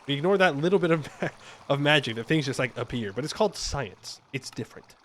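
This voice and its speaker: A male streamer talking casually over a live game, bantering with chat and defending himself in jest. His voice sits a little high for a man and jumps around a lot in pitch. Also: expressive, fast talker, fairly bright tone, a little hiss or hum. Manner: playful, joking with chat, mock-defensive. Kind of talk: casual live-stream commentary while playing.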